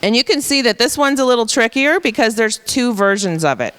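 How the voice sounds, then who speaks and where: Woman teacher going step by step thru phonics rules, smooth clear voice, big echoey room. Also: fairly high pitch, expressive, a little fast, a bit bright. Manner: patient, step-by-step explaining. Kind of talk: explaining a reading lesson to educators.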